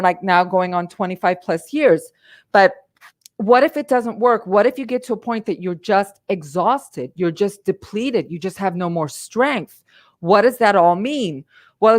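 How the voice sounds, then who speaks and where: Passionate, emphatic middle-aged woman. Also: medium pitch. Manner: passionate, emphatic, repeats words. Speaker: life coach and livestream host. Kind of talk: live-streamed motivational talk.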